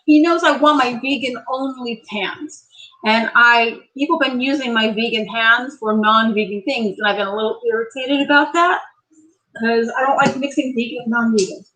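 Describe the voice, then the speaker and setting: A middle-aged woman vlogging an excited unboxing in her home kitchen, gushing and exclaiming often. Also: on the high side, normal speed, low-quality recording.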